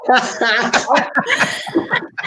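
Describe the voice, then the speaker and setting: A woman's voice: sits high, sing-song, very slow, sharp tone, husky. A woman hosting an improv comedy game over a video call, chatty and upbeat with many hesitant fillers. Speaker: improv show host.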